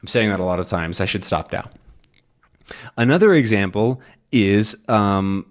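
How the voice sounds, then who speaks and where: A young man gives a relaxed English lesson in a somewhat low voice. He thinks aloud, fills pauses with "um" and checks in with "right?". Now and then he slows right down to stretch out an example sound. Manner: drawn-out demonstration of sounds. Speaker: English teacher. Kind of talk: casual explanatory lesson.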